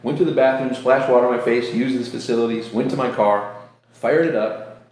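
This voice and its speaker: A man's voice: medium pitch, steady tone, fairly quick, darkish tone. Earnest man telling a faith story, echoey room. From New York State. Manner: earnest storytelling with acted-out quotes. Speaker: host. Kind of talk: casual faith talk. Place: room near a beach. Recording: echoey room, faint ambience.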